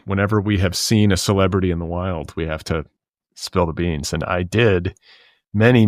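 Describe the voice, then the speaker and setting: 50s guy hosting a podcast, lowish voice, dry close sound, rambly and easygoing. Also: no room sound. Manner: rambling, relaxed, lots of fillers. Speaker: podcast host. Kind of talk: casual chat.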